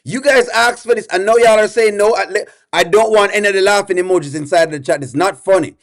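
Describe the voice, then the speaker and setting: A man's voice: high-pitched, a little fast. A man reacting on a live stream, exasperated and pleading with his chat, repeating himself over and over.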